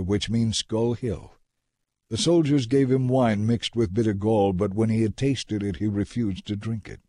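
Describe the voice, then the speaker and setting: A man narrating scripture in a measured, dramatic reading. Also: lowish voice, warm tone, dry recording, clean studio sound.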